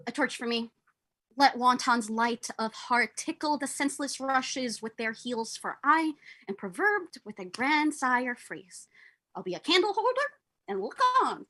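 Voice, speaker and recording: A lovesick, brooding young man, as a young woman reads him in a livestreamed Shakespeare reading. Her voice is high and bright, and she takes the verse slowly, with weight. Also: expressive, heavily acted, poor audio. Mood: gloomy. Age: young adult. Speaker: volunteer reader.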